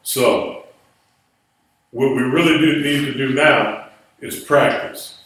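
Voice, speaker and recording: A man lectures a small class at a slow, deliberate pace, patiently spelling words out letter by letter. His voice is set at a middling pitch. He sits far from the microphone, and a heavy room echo surrounds every word. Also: a bit bright. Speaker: Biblical Hebrew teacher. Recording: echoey room, voice far from mic.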